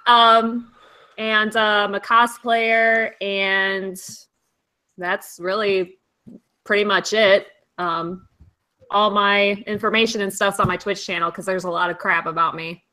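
Slow, bright-voiced giggly woman. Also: medium pitch, fairly even intonation, poor audio. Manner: hesitant, giggly, heavy on ums. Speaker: streamer guest. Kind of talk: casual podcast chat.

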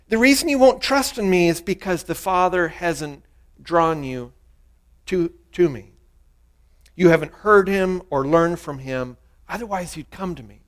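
A man preaching a sermon, earnestly walking through a passage and leading the congregation in a spoken prayer. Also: high-pitched. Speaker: pastor.

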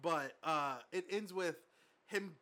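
Bright-voiced man chatting on a podcast. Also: a little high, slow pace. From from outside the US. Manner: chatty, laughing, many fillers. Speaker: podcast co-host. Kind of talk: casual chat.

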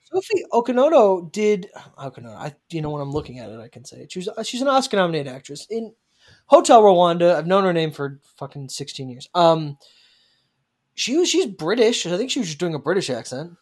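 A woman's voice: fairly low pitch, big pitch swings, brisk, a little mellow. A woman co-hosting a casual podcast, ranting animatedly about a film and laughing often. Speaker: podcast co-host. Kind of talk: casual chat.

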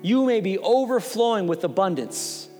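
High-voiced man preaching in a hall. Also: expressive, moderate pace, dark tone. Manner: impassioned preaching, emphatic repetitions. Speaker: pastor. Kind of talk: sermon. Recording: long hall reverb, faint music behind.

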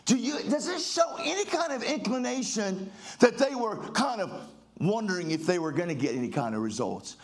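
A man's voice: sits high, big pitch swings, moderate pace, creaky. A pastor preaching a fervent sermon, full of exclamations and leading his congregation in call-and-response.

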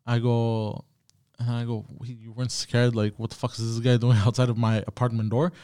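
Guy rambling through a story on his podcast, swears a lot, smooth clear voice, dry close mic. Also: mid-range voice, normal speed, no echo. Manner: profane, animated storyteller with many fillers. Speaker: podcast host. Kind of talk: casual storytelling monologue.

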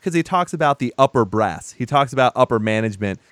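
Smooth-voiced man retelling a movie. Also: mid-range voice, fast, no echo. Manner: animated retelling, acting out lines. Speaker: podcast co-host. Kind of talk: casual movie recap chat.

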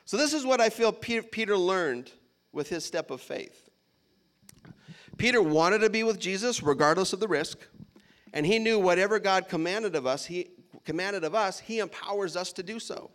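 High-voiced man giving a casual sermon. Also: lively intonation, normal speed, a bit bright. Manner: conversational, playful asides, laughs while preaching. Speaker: preacher. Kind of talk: casual sermon with scripture reading.

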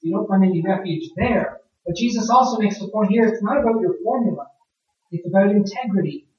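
A man's voice: sits high, fairly quick, lo-fi sound. Male preacher, chatty sermon delivery full of rhetorical questions, distant mic in a very echoey room. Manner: conversational, asks rhetorical questions.

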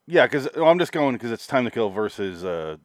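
A man's voice: medium pitch, big pitch swings, fairly quick, dry recording. A man talking movies on a podcast in an easy, joking way, now and then crude. His voice moves up and down a lot as he talks. The recording is close and dry, with no room sound. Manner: laid-back, joking, profane. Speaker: podcast co-host. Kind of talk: casual movie-review chat.

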